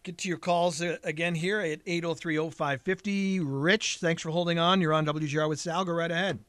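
A man hosting a sports talk radio show, briskly introducing callers and putting them on the air. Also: a little high, steady tone, fairly bright tone, clear, resonant tone, no echo. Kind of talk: taking calls on talk radio.

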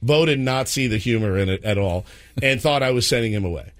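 A thirtysomething radio morning show co-host, speaking a little fast at medium pitch, tells a story. He keeps it animated by voicing the characters himself.

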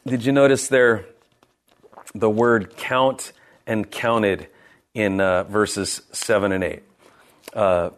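A man's voice: fairly low pitch, slow pace, long pauses. Earnest man preaching a sermon. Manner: earnest, animated preaching with frequent restarts and rhetorical questions. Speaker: pastor.

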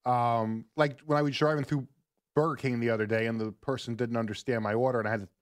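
Rambling middle-aged sports radio co-host. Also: male voice, mid-range voice, fairly even intonation, quick pace. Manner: rambling storyteller, many restarts.

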